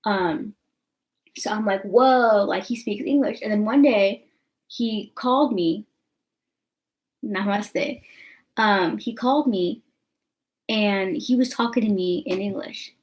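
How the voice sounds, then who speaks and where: In a low-quality recording, a young female vlogger talks slowly to her camera with long pauses in a mid-range voice. Her storytelling is chatty and rambling, filled with phrases like "you know what I'm saying."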